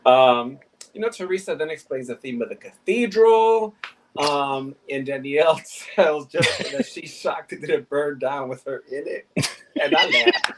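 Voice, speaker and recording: A man hosting a casual recap chat, laughing as he retells scenes between drawn-out fillers. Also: on the high side. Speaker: host of a reality TV review panel. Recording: noisy line with clicks.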